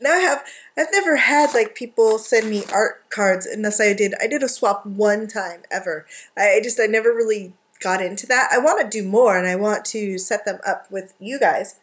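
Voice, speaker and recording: A woman vlogger in her thirties or forties chatting casually from her couch at home, gushing and excitable as she shows off craft supplies, with lots of little asides. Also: medium pitch, moderate pace, few pauses. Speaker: craft vlogger and art journaling teacher. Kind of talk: casual chatty haul vlog.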